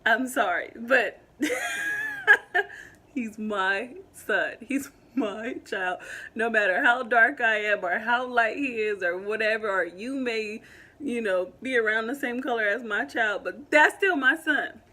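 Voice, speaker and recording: Bright, animated young woman telling a story. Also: fairly high pitch, slow pace. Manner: animated, many "like" fillers, grows loud when upset. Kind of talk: casual storytime chat.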